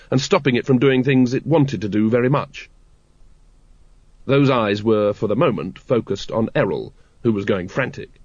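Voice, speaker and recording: A man's voice: medium pitch, a little mellow, husky, dry recording, lo-fi sound. A man reading a fantasy novel aloud with dry, wry storytelling. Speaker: audiobook narrator. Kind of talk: scripted narration.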